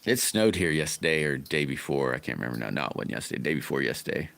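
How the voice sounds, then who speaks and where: A middle-aged man hosts a casual livestream. His voice sits very low. He rambles in a folksy way and greets his viewers by name. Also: big pitch swings, fast talker, gravelly, fairly bright tone. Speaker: livestream host chatting with viewers.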